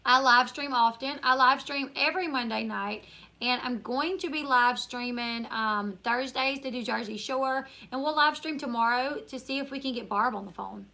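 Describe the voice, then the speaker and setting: Bright high-voiced Louisiana woman chatting. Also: moderate pace, gravelly. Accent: Northern Louisiana country. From Northern Louisiana. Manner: chatty, reads viewer comments aloud, laughs often. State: tired. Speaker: YouTuber live-stream host. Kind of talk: casual live-stream Q&A chat.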